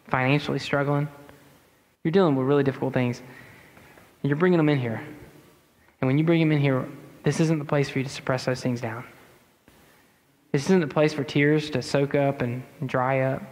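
A man's voice: fairly high pitch, a bit bright. A man preaching a sermon as pastor, earnest and conversational, slipping in casual slang. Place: church sanctuary. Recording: church sanctuary with long reverb.

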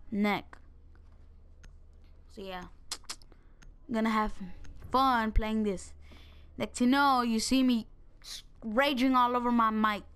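A young woman giving casual, excitable gameplay commentary, joking and talking straight to her viewers. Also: on the high side, smooth. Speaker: gaming video creator.

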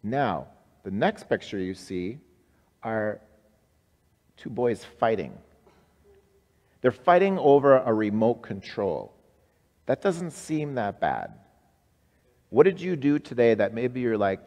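A man leading a simplified worship service, speaking simply and warmly encouraging listeners to repeat short prayers after him. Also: mid-range voice, very animated, slow pace, long pauses. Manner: simple, encouraging, leads call-and-response prayer. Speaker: pastor. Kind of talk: simplified worship service for people with special needs. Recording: live-streamed service with long reverb.

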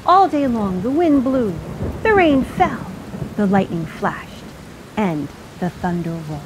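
A woman reading a children's picture book aloud with an expressive, animated delivery. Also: medium pitch, slow pace, background noise. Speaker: storybook reader. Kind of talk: children's story read-aloud.

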